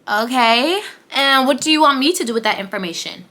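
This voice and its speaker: A woman in her twenties giving a chatty, animated motivational vlog, sometimes dropping into whispers and playful asides. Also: sits high, moderate pace. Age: 20s. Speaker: vlogger.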